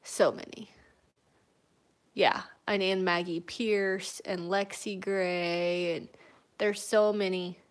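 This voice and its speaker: Speaking slowly in a fairly low, level voice, a woman hosts a casual live stream from home as a cat breeder. She answers viewers' comments, laughs often and coos baby talk at her cats.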